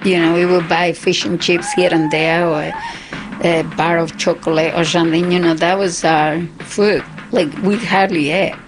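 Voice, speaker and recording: A woman's voice: fairly low pitch, fairly even intonation, moderate pace, low-quality recording. An older woman in a radio interview, talking candidly and emphatically about her past. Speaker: interviewee, former punk drummer. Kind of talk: reflective interview.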